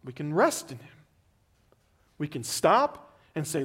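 A male preacher with a high-pitched voice delivering an earnest sermon. He pushes some lines out with emphasis, then drops to a near murmur on others. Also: sing-song, slow, breathy edge. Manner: earnest, swings from emphatic to very quiet.

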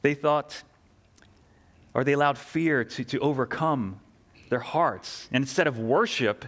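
A man's voice: a little high, fairly bright tone. A man preaching a sermon, earnest and emphatic, asking rhetorical questions and repeating key phrases. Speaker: pastor.

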